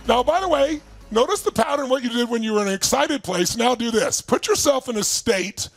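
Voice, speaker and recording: Gravelly, husky man coaching with energy. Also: very high-pitched, brisk, few pauses, no room sound. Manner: energetic, emphatic, fires questions at the audience. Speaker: motivational speaker. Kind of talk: live online seminar coaching. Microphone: speaking to camera for remote viewers.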